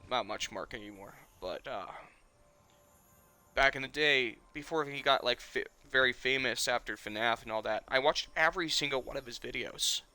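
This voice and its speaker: Bright, clear-voiced young man rambling. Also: mid-range voice. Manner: rambling, emotional, swears often. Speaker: streamer. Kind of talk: casual nostalgic chat.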